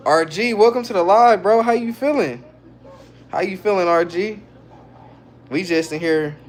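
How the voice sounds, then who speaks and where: This high-pitched man runs a laid-back livestream, speaking at a moderate pace over slight background noise. He reads out viewers' chat messages and replies in a loose, slangy way.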